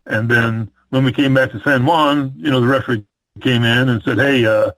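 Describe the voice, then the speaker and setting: A man's voice: medium pitch, fairly even intonation, moderate pace, a bit bright, no echo, poor audio. Older man telling wrestling stories. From American Midwest. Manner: rambling, many fillers and restarts. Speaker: retired pro wrestler, guest. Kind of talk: storytelling interview.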